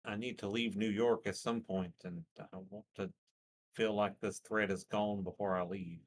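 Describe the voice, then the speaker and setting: A player in a tabletop game, talking earnestly in character and sometimes yelling high. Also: fairly even intonation, normal speed. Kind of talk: casual tabletop play.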